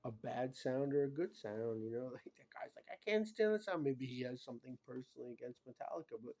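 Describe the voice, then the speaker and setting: A man talking in a rambling casual monologue, full of "you know" and "bro", swinging between low mutters and loud emphatic bursts. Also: little pitch movement, fast. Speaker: vlogger.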